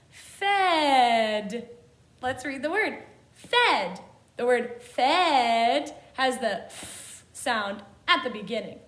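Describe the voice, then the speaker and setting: Slow, lively woman teaching phonics. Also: a little high. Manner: slow, clear sounding-out, with exaggerated letter sounds. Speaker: kindergarten teacher. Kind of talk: phonics lesson for young children. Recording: roomy echo.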